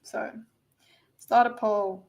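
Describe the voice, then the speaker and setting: A woman's voice: on the high side, steady tone, extremely slow, creaky, darkish tone. A woman hosting a casual livestream, rambling and reading viewers' messages aloud with lots of fillers and restarts. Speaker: livestream host.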